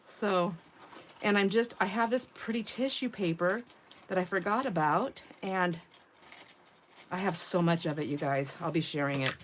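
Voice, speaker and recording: A woman's voice: fairly low pitch, moderate pace, a little hiss or hum. A middle-aged woman hosting a craft livestream who tells stories in a casual, chatty way, laughs often and acts out the quotes. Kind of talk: casual chat while crafting.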